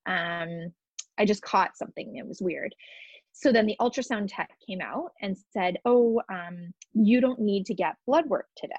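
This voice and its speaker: A woman in her thirties, a podcast guest, telling a personal story in an emotional, halting way with many fillers and restarts. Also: mid-range voice, darkish tone, breathy edge, no echo, lo-fi sound.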